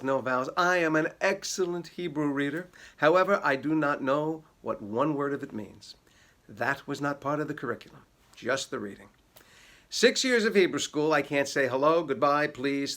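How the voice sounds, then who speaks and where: Bright-voiced man doing comic stand-up. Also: fairly high pitch. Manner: sings a jokey novelty song, then deadpan storytelling. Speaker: comedian. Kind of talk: comic song with guitar, then stand-up.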